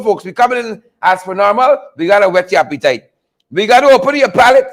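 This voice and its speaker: A man hosting a livestream, animated and repetitive, laughing often and greeting viewers by name. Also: high voice, fast. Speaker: livestream host. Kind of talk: casual livestream commentary.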